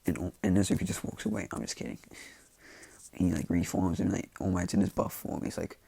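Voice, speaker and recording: A man's voice: low voice, steady tone, a little fast, vocal fry, dark tone, husky, no echo. A man casually retelling a fan-made story in a loose, rambling way full of fillers.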